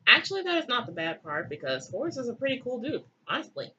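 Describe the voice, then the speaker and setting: A woman's voice: fairly high pitch, very animated, quick pace, bright, forceful tone, dull audio, a little hiss or hum. A young woman retelling a myth in a giggly, irreverent comic style with crude asides. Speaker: comedic storyteller.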